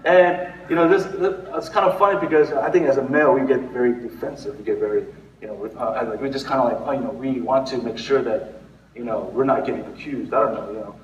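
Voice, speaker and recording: A man's voice: mid-range voice, quick pace, dull audio, slight background noise. A male pastor giving a conversational sermon, rambling with restarts and fillers. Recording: echoey hall, recorded from far off.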